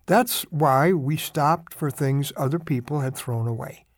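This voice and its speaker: A middle-aged man giving a short radio devotional, telling a story in an animated, conversational way. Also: on the high side, measured pace, no echo, clean studio sound.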